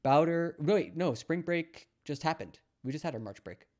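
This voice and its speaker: A man's voice: on the high side, animated, moderate pace, a little mellow. Sarcastic rambling young man. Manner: sarcastic, mocking, rambling with fillers. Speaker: streamer reacting to news clips. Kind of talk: casual commentary.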